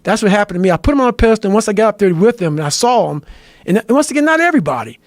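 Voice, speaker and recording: A man's voice: high voice, big pitch swings, rapid-fire, dry recording, clean studio sound. A man telling motivational stories as a podcast guest, intense and blunt, swearing in almost every sentence. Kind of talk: profane motivational storytelling.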